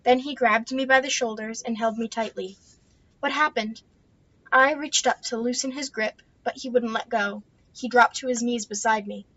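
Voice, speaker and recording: Woman reading a book out loud, kinda high voice, muffled dry audio. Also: normal speed. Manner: steady first-person narration. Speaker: book reader. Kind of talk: reading a novel aloud.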